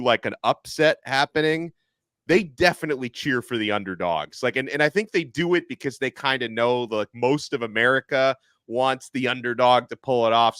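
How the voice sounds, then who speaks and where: A man's voice: mid-range voice, fairly bright tone, clear, resonant tone, dry recording. Man with a dry, close, stumbling delivery. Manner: quick, stumbling restarts, laughs easily. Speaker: podcast host. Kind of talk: casual sports chat.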